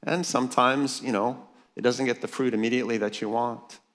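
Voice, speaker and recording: The long echo of a big hall carries a pastor's fairly quick, medium-pitched voice, steady and a bit bright, as he preaches to a leaders' conference crowd. He jokes, stresses his points hard, and calls for amens.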